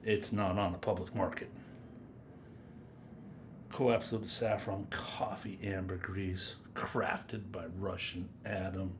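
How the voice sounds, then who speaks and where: A man giving a casual, rambling first-impressions review of perfumes, chatty and drifting into quiet mutters as he sniffs. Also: low-pitched, flat delivery, slow pace, noisy background. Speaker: fragrance reviewer.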